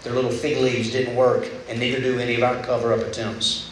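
A man's voice: mid-range voice, little pitch movement, a little fast. A young man preaching a sermon at a retreat, talking in a conversational way and acting out the voices he quotes. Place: large room at a retreat. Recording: echoey room with faint background noise.

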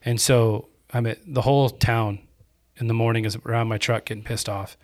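Male host with a middle-range voice, lively and conversational. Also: mid-range voice, moderate pace. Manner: energetic, chatty storyteller. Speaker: podcast host. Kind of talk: casual storytelling chat.

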